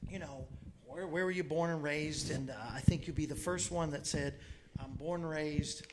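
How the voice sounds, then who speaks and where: A man hosting a show, chatting casually with his guests in a folksy, joking way, quick to laugh. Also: fairly high pitch, fairly even intonation, background noise. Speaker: show host.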